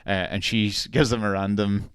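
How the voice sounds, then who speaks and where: A man's voice: on the low side, fairly even intonation, normal speed, a bit bright, clean tone, no room sound, clean studio sound. A man co-hosting a podcast, telling stories in casual, sweary chat and laughing often. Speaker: podcast co-host.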